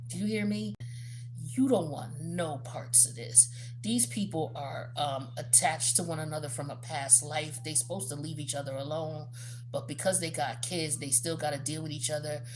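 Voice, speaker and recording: A woman giving a blunt, animated tarot reading in a casual, profane, slangy way. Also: low voice, moderate pace, noisy background. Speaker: tarot reader.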